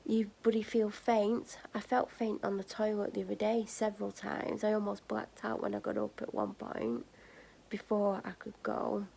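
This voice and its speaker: A young adult woman vlogger, tired and drained, telling a personal story candidly to the camera, often dropping into soft whispers and sighs. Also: medium pitch, moderate pace, vocal fry, slightly rough, rough recording.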